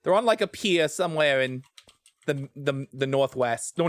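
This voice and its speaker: A male streamer chatting casually with his viewers as he plays. He rambles, trails off mid-sentence and laughs easily. His voice sits fairly high and sounds close and dry. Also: lively intonation, normal speed, no echo. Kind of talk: casual gaming stream chat.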